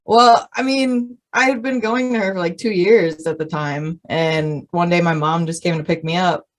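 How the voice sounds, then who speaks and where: A woman's voice: fairly low pitch, steady tone, moderate pace. A woman from Minnesota, a podcast guest, telling stories in casual chat and laughing often.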